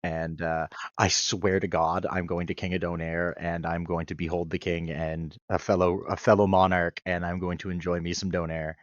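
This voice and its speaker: Deep-voiced wisecracking man, dry sound. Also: little pitch movement, moderate pace, hardly any pauses, no room sound, highs cut off. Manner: wisecracking, with joking asides. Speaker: podcast co-host. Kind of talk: casual podcast chat.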